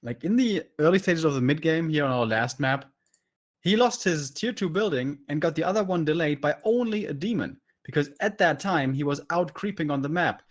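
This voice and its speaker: A man's voice: a little high, animated, moderate pace. A man casting a live strategy game match, breaking down the play in detail and critiquing the decisions. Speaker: esports caster.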